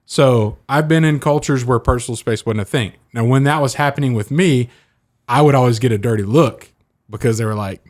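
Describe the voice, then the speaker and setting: Animated man telling stories. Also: fairly low pitch, normal speed, no room sound, studio quality. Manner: animated storyteller, laughs a lot. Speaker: podcast co-host. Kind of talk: casual chat.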